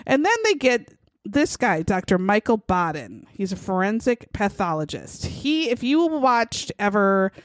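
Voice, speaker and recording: Animated, profane woman podcaster. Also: mid-range voice, measured pace, no room sound. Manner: outraged, profane, animated storytelling. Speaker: podcast co-host. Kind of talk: casual true-crime chat.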